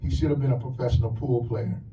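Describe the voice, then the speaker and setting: A man doing a stand-up comedy set in a club, telling crude, punchy stories with quick asides. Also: medium pitch, fairly even intonation, distant mic, highs cut off, noisy background. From lives in the USA.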